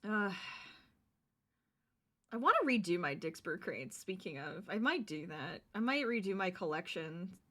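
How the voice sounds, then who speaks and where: A woman streamer chatting with her viewers while she crochets, bubbly and quick to giggle. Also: on the low side, expressive, fairly bright tone.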